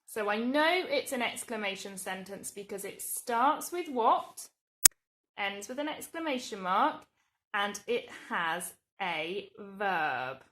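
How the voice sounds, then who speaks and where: An English woman, a primary school teacher, giving a recorded grammar lesson to young children in a slow, clear, patient way. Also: mid-range voice, lively intonation, a bit bright, slight background noise. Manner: slow, clear, patient explaining with drawn-out example words.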